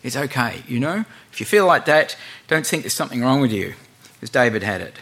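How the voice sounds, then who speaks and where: A man preaching an informal sermon, chatting with many fillers and reading Bible verses aloud slowly. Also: medium pitch, big pitch swings, fairly bright tone.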